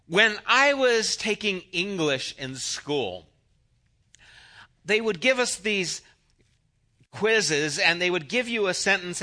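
Bright-voiced man preaching a sermon. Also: a little high. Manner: conversational, anecdotal preaching with voiced asides. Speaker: pastor.

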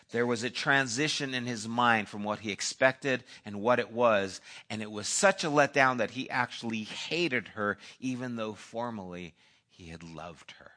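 A man's voice: mid-range voice, sharp tone. A man preaching a sermon, telling a story and acting out its dialogue, sometimes dropping almost to a whisper. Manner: storytelling, acts out dialogue in voices. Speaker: pastor.

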